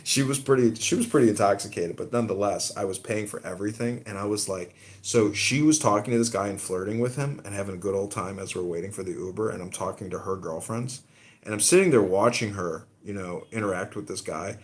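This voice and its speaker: A man's voice: fairly low pitch, a little fast. A man hosting a podcast in a casual, meandering monologue, cursing freely and leaning on fillers like "you know" and "like". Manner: profane, meandering storytelling with frequent fillers. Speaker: podcast host.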